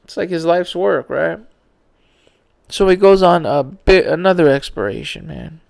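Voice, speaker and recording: A man's voice: on the high side, a little slow, vocal fry. A tired man hosting a podcast alone, rambling in casual slang about conspiracy theories, yawning as he talks. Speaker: podcast host.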